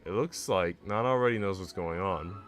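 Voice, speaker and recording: A man streaming, reading a visual novel aloud in an animated way with asides. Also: low-pitched, fairly quick. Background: faint game music.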